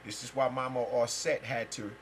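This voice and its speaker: A man's voice: mid-range voice, fairly even intonation, moderate pace, slight background noise, poor audio. A man giving a free-flowing spiritual talk as a teacher, rambling and emphatic, with heavy slang and profanity.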